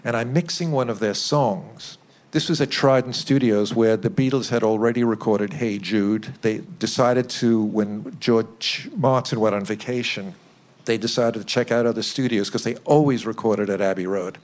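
An older man, a record producer, telling lively anecdotes in an interview, acting out quotes and chuckling. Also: on the low side, moderate pace. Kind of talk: interview storytelling.

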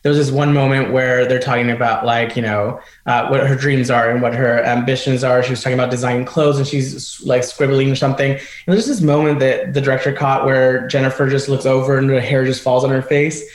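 Animated man in an echoey room. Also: mid-range voice, a little fast, hardly any pauses. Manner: animated, laughing, mimics voices. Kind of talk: casual chat.

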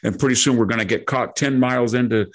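A man's voice: mid-range voice, quick pace, natural voice. A man putting on the voice of a pushy, insulting young woman agent with a Valley Girl accent. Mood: mocking. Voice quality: drawling, slangy.

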